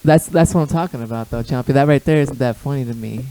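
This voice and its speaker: A man's voice: medium pitch, fast, warm tone, no echo. A man who is a guest on a casual podcast chat, arguing his point with many restarts and repeated words, often laughing.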